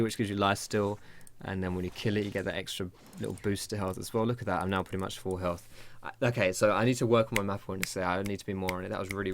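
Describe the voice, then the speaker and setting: A man's voice: on the low side, slight background noise. A young man giving casual, rambling gameplay tutorial commentary from his computer at home. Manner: chatty, rambling, swears when surprised.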